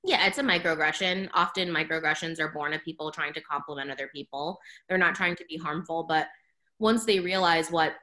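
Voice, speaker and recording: A woman talking in a casual podcast chat, blunt and animated, saying "like" a lot and swearing freely. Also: low-pitched, fairly quick.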